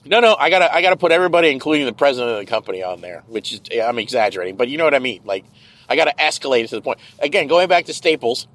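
A man's voice: mid-range voice, sing-song, racing, fairly bright tone, no echo, rough recording. Profane ranting man. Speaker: podcast host. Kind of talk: casual rambling monologue. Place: car, driving.

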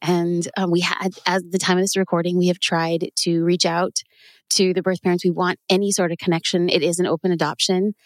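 A woman's voice: fairly low pitch, flat delivery, fairly quick, dry recording. A woman guest on a podcast, telling a personal story earnestly and emotionally, often restarting her words, recorded in a studio. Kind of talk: candid interview storytelling.

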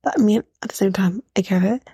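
A woman hosting a podcast, recapping casually in a blunt, profane, sarcastic way and often dropping to a breathy half-whisper. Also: medium pitch, quick pace, warm tone, no echo. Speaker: podcast host recapping a reality show. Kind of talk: casual chat.

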